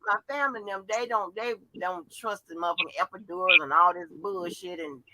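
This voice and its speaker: A woman tells a story in casual conversation, with a very bright, sharp voice. She talks in an animated, profane way. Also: on the low side, fairly quick, no room sound, rough recording.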